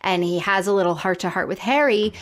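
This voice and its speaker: Woman podcast co-host, mid-pitch voice, casual explainer, fills gaps with "um" and "like". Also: fairly quick. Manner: explanatory, lots of fillers and restarts. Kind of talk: casual chat.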